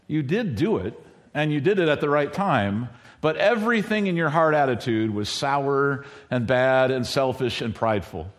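A middle-aged man preaching a sermon in a conversational way, now and then acting out quoted lines in a higher voice. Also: expressive, moderate pace. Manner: conversational, acts out quoted lines with bursts of high pitch. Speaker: pastor.

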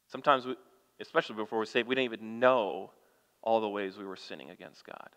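Speaking quickly in a fairly low yet fairly bright voice, a pastor preaches a sermon, reading scripture with rising emphasis and questioning the congregation. The long reverb of a church hall fills the recording.

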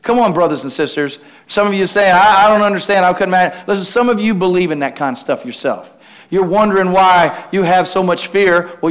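A male pastor preaching a lively sermon, calling out to the congregation and acting out the voices of the disciples. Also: high-pitched. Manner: preachy, call-and-response, acts out voices of the disciples.

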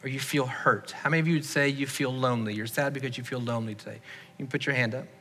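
A man preaches a sermon as pastor in a church sanctuary, where the recording has a long hall reverb. His mid-range voice is sharp, fairly even in intonation, and fast. He earnestly asks the congregation to raise their hands in response to his questions.

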